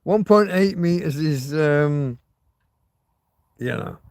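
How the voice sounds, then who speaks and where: A man's voice: fairly high pitch, lively intonation, takes it slowly, creaky, darkish tone, no echo, studio quality. A man hosting a casual livestream, rambling, swearing freely and reading out viewer comments. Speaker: livestream host.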